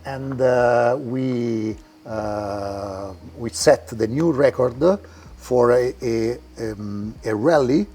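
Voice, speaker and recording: A man with an Italian accent, a car collector giving a tour of his garage and talking in halting English with many restarts. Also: medium pitch, dark tone. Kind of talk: casual interview while walking a car collection. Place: indoor garage.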